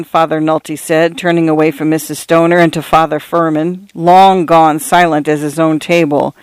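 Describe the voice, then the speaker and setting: A man narrating a short story in a measured, even reading voice. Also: on the high side, smooth, dry recording.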